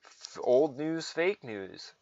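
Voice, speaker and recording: Male commentator, slow drawling sarcastic rant, swearing, dull low-fi sound. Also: lively intonation, darkish tone, a little hiss or hum. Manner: sarcastic, profane, mocking voices. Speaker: political commentator. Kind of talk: ranting political commentary.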